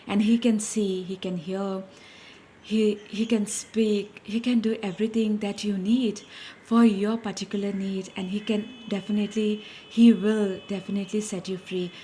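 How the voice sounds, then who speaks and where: A woman's voice: mid-range voice, little pitch movement, moderate pace, mellow, a little hiss or hum. A woman giving an informal devotional message, earnest and repetitive, often calling listeners her dear friends and correcting herself as she goes. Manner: self-correcting, searching for words. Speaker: Christian speaker.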